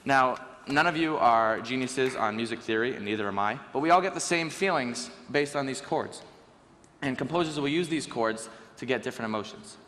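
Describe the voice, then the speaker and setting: A teenage boy giving a lively, joking talk on stage to a school audience. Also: mid-range voice, fairly quick, a little hiss or hum. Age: teens. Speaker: student speaker. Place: school auditorium. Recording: reverberant hall with faint ambience.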